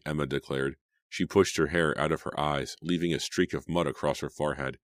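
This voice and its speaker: A man with an extremely deep voice narrating a horror audiobook. He builds suspense line by line, and the recording sounds dry and close. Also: fairly even intonation, normal speed, fairly bright tone, no echo. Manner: dramatic, suspenseful storytelling.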